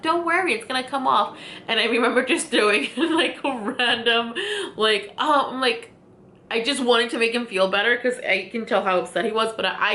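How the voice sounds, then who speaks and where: Young woman, vlogger, chatty story while doing makeup, bright voice, giggly, echoey room. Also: medium pitch. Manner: animated, laughs often, many fillers. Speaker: beauty vlogger.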